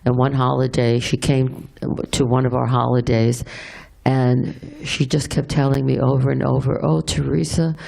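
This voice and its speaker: Woman, middle-aged, heavy vocal fry, halting tender eulogy, frequent pauses. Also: extremely low pitch, level tone, dark tone. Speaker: friend giving a eulogy. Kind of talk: heartfelt memorial speech.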